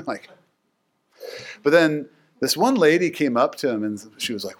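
A man giving casual Bible teaching, telling stories in an animated, chatty way full of fillers. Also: on the high side, unhurried.

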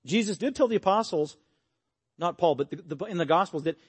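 An earnest, animated man preaching a sermon and closing in prayer. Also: sits high, a little fast, breathy edge. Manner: earnest, animated, acts out quotes.

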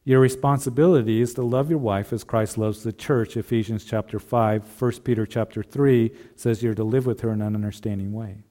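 A man preaches an earnest sermon in a mellow, dark voice at a middling pitch. He talks straight to the husbands, circling back and repeating his phrases as he goes. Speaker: pastor.

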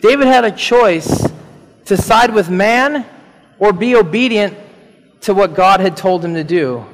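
A man preaching a sermon as pastor, animated and rising to emphatic peaks, chuckling between points. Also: high-pitched, measured pace, big-room sound.

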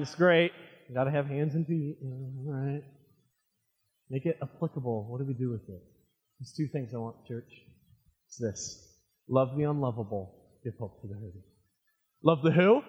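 A male pastor delivering an animated sermon, throwing call-and-response questions to his congregation. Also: mid-range voice, in a large hall, lo-fi sound. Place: church sanctuary with congregation.

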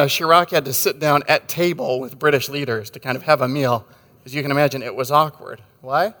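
A man's voice: medium pitch, a bit bright, big-room sound. A man preaching a sermon in a conversational, wry way, telling stories with jokes and asides. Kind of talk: sermon with storytelling.

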